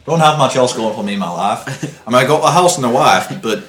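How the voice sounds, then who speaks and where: A man's voice: mid-range voice, expressive, brisk, a bit bright, natural voice. A man doing a weary grumbling married guy. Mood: deadpan grumbling. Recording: roomy, faint music.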